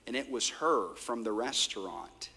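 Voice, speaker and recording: A male pastor preaching a sermon, telling stories with swings from loud bursts to hushed tones. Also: medium pitch, expressive, measured pace, husky. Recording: long hall reverb.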